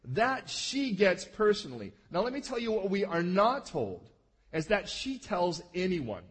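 A pastor delivers a conversational sermon in a high-sitting, husky voice that's very animated yet measured in pace. He often checks that listeners are following and acts out the lines of the people in his stories.

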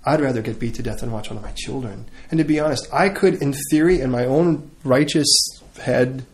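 A middle-aged man preaches in an earnest, conversational way, pausing often and restarting his phrases. He then leads a heartfelt closing prayer. His voice sits at an ordinary pitch for a man. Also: vocal fry, a little mellow. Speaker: pastor.

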